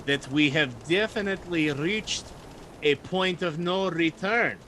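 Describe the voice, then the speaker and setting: A man voicing a sly, menacing male ship captain, drawing his words out slowly. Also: a little high, bright, forceful tone, a little hiss or hum.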